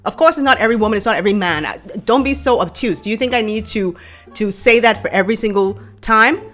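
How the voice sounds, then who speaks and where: A woman's voice: medium pitch, fast talker, soft background music. A woman in her thirties from the Bahamas with a Bahamian accent, giving blunt opinions in a casual vlog and speaking straight to her viewers. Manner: blunt, animated storyteller who addresses viewers directly. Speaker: vlogger.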